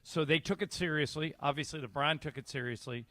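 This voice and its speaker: A male play-by-play announcer chatting casually on sports talk radio, telling stories in a measured way. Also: on the high side, a bit bright, no room sound. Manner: conversational, storytelling, measured. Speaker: basketball play-by-play announcer and show regular.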